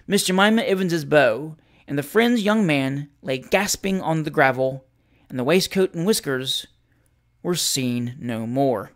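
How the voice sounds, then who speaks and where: A man reading a classic novel aloud as narrator, with expressive storytelling and lively shifts in pitch. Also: a little slow. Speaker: audiobook narrator.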